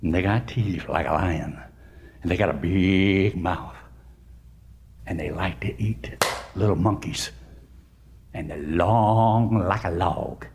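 A man voicing a grave old jungle animal warning a little monkey, speaking slow, low and ominous. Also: a little mellow, a little hiss or hum.

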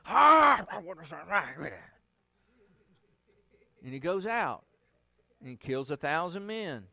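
A male pastor giving a conversational Bible study sermon, acting out the quotes he reads with lively inflections. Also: mid-range voice, dry recording.

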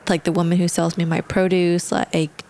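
A woman co-hosts a casual podcast in a fairly low voice. She talks in a chatty, hesitant way, full of fillers and easy laughter. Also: level tone, normal speed, darkish tone. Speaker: podcast co-host.

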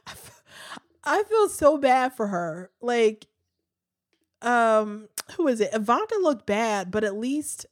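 A woman's voice: mid-range voice, dry recording, studio quality. A woman hosting a casual, opinionated chat, full of fillers and restarts. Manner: chatty, frequent fillers and restarts.

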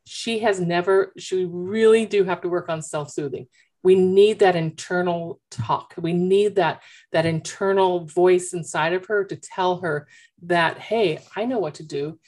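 A woman coach talking with parents in an animated, chatty storytelling way, through a headphone mic. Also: fairly low pitch, measured pace. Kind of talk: consultation with parents.

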